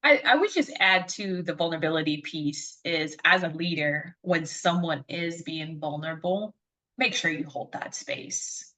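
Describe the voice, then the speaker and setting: A woman's voice: low-pitched, expressive, moderate pace, bright, forceful tone, recorded from a distance. A woman co-hosting a podcast in casual chat, reflective as she adds advice to her co-host's point. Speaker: podcast co-host.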